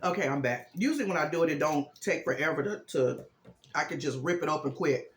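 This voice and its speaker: High-voiced man in a chatty recap. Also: expressive, a little fast, roomy sound. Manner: chatty, rambling storyteller. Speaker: vlogger. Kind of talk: casual movie recap.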